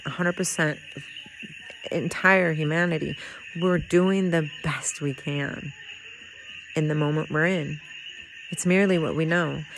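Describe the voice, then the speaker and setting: Against a noisy background, a woman with a medium-pitched voice records a vlog in Puerto Rico. It's a heartfelt personal talk to camera, earnest and rambling, and she laughs often while working through her feelings.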